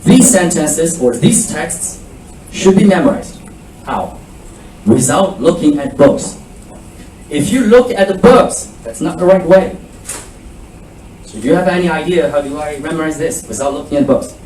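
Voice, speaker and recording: Speaking at a measured pace with frequent pauses, a school principal with a somewhat high voice leads an animated seminar for would-be students, drilling French phrases. The mic is distant, the presentation room echoes, and there's a faint hum.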